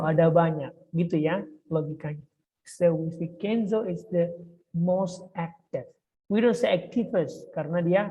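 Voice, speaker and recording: A woman's voice: fairly low pitch, warm tone. A woman with an Indonesian accent teaching English grammar in class, explaining patiently and repeating herself with Indonesian fillers. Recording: dull lo-fi recording in a reverberant room.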